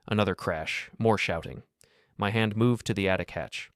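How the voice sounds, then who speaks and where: A middle-aged man narrating a first-person story in a steady, grave, measured way. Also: lowish voice, no room sound, clean studio sound.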